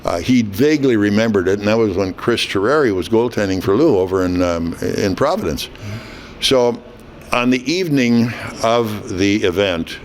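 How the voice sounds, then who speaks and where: A man in his eighties, a veteran hockey broadcaster, telling a lively story in an interview. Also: lowish voice, normal speed, slight background noise. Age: 80s. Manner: animated anecdote teller, quoting others.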